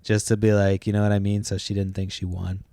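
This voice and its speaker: Brisk and dark-toned, this young man speaks with a fairly low pitch and little pitch movement as he hosts a podcast. He rambles through a long story, cursing freely and trailing off with "like" and "blah, blah," with no echo in the recording.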